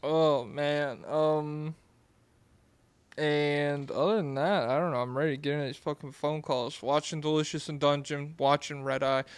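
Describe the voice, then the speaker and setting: Young male podcast co-host, rambling and laid-back, smooth voice, dry close-miked sound. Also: on the high side, fairly even intonation, normal speed, no room sound. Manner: rambling, laid-back, swears and giggles often. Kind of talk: casual chat.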